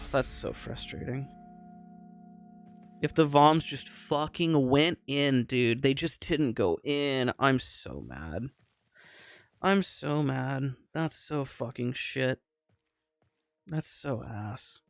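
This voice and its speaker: A man's voice: medium pitch, extremely slow, gravelly, long pauses, no room sound, faint music behind. A young man playing a video game and ranting angrily, swearing often about losing a fight. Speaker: gamer streamer. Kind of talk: casual gameplay rant.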